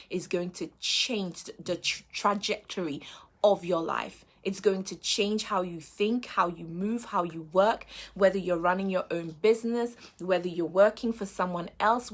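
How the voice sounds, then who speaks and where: A woman hosting a faith-based motivational show, speaking earnestly and repeating key phrases for emphasis. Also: medium pitch.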